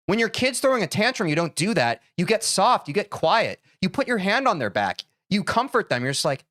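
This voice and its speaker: A man's voice: high voice, very animated, brisk, hardly any pauses, fairly bright tone. A young man streaming live and talking to his chat in a heated, preachy way, speaking straight to them. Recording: gaming stream with music behind. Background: music.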